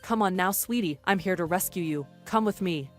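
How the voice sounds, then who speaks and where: A woman's voice: lowish voice, normal speed, faint music behind, close to an everyday voice. A woman voicing a self-righteous older woman who keeps making accusations in a narrated story. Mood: coaxing. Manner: accusing, bossy.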